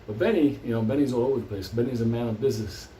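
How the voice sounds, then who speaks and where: A man's voice: medium pitch, racing, mellow, slight background noise. Rambling, swearing male storyteller. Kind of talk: profane comic storytelling. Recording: roomy, distant mic.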